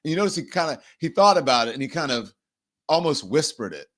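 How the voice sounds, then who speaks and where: Male host, incredulous political commentary, lively swooping pitch, bright forceful tone. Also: fast. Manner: incredulous, animated, laughing between remarks.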